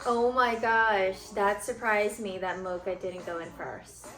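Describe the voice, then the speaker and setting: A woman's voice: mid-range voice, fairly even intonation, unhurried, few pauses, a bit bright. A woman vlogging casual reaction commentary, cooing and talking sweetly to her dog as she watches. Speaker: pet vlogger. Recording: echoey room with music underneath.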